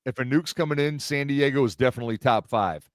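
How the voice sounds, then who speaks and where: A middle-aged man chats as a podcast host, talking quickly and with lots of energy. He tells his stories with gusto and slips into the voices of the people he quotes. The sound is close and dry, with no room around it. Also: medium pitch, dry recording. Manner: animated storyteller, acts out quoted voices. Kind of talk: casual chat.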